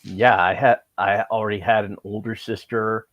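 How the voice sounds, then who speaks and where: Brief: low-pitched man, halting delivery full of restarts, dry close recording. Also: little pitch movement, no room sound, highs cut off. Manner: halting, restarts and repeats words. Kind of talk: casual chat.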